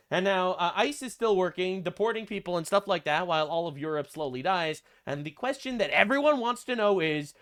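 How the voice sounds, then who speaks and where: Animated young man with mocking sarcasm. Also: high-pitched. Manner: sarcastic, crude mocking jokes. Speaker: commentary host. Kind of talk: reaction commentary.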